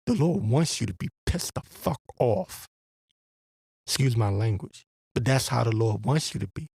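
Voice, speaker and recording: Man, gravelly voice, dry close sound, blunt profane religious rant, rambling. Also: medium pitch, animated, normal speed, a little mellow, dry recording. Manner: rambling with restarts. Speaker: podcast host. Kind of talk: religious commentary monologue.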